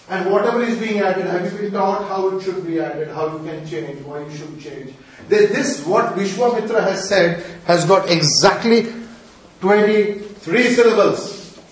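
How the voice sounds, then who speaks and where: A man teaching mantras to a group, quizzing his listeners emphatically and chanting verses slowly. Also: high-pitched. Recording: echoey room, distant mic.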